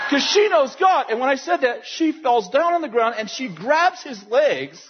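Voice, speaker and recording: A man preaching, telling a story in an animated way, often laughing and acting out what people said. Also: very high voice, fairly quick, husky. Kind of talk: sermon storytelling. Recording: dull lo-fi sound with faint noise.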